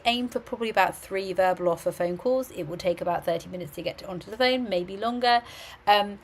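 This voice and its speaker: A middle-aged woman, a university admissions adviser giving chatty, animated advice on a live stream, often restarting her sentences. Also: medium pitch, poor audio.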